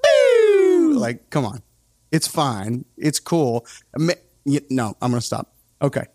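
A man hosting a casual music podcast. He talks in an opinionated, animated way and often breaks off his own sentences. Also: medium pitch, unhurried, no room sound, clean studio sound. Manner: opinionated, animated, self-interrupting. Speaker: podcast host.

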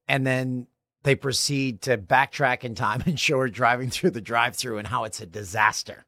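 A man in his forties hosting a podcast in casual chat, animated and jokey, laughing often. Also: mid-range voice, normal speed, dry recording, studio quality. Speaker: podcast host.

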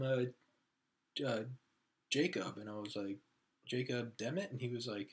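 A man in his thirties trades loose stories on a podcast with a friend. His voice is a little husky at a middle pitch, and he keeps breaking into higher, louder impressions of the people in his stories. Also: moderate pace, pauses often. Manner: animated, acts out quoted friends with raised pitch. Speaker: podcast host. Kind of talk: casual storytelling chat.

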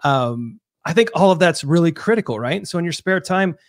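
Male podcast co-host, fairly high voice, upbeat casual chat, dry close studio sound. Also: animated, normal speed, no echo. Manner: upbeat, reads listener questions aloud.

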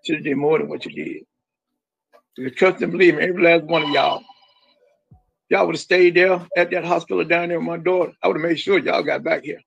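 A man's voice: fairly high pitch, fairly even intonation, fairly quick, creaky, fairly bright tone, breathy edge, dry recording, highs cut off. A middle-aged man speaking as a grieving father, talking emphatically and repeating his points firmly. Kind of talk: emotional conversation.

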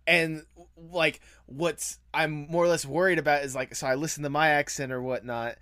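A podcast host chatting casually, animated and laughing easily, with pitch swooping up often. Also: normal speed, no echo, clean studio sound.

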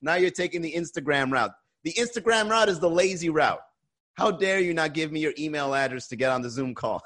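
A man's voice: fairly high pitch, animated, a little fast, fairly bright tone. A man hosting a live-streamed comedy podcast, chatting loosely with viewers, swearing and ranting between laughs. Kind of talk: casual chat reading viewer comments.

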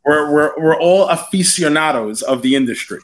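A young man from New York telling a story in casual chat, rambling and animated with lots of "like". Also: a little high, moderate pace. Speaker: podcast storyteller.

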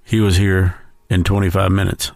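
Very deep-voiced man telling a heartfelt story. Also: little pitch movement, creaky, darkish tone, no echo, studio quality, faint music behind. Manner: slow, heartfelt, pausing storyteller. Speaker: podcast host. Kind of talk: personal storytelling tribute.

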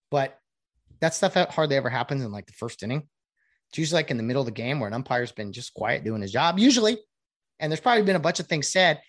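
A man's voice: mid-range voice, fairly bright tone, no echo. A man who works as a sports official, giving a casual, sarcastic opinion monologue and mimicking other people's voices.

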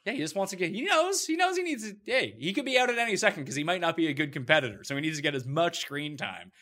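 A man from eastern Canada co-hosting a podcast, chatting casually in quick banter with restarts. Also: fairly high pitch, animated, bright, forceful tone. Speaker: podcast co-host. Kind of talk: casual chat.

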